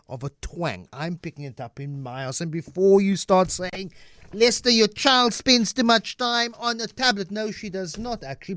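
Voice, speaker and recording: A South African man hosting a morning radio talk show, speaking in an animated, conversational way into a studio microphone. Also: high-pitched, no room sound.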